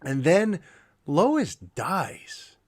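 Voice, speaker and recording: A middle-aged man hosting a podcast, telling a heartfelt story in an animated, emotional way, with quick asides. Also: fairly high pitch. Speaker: podcast host. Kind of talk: casual podcast monologue.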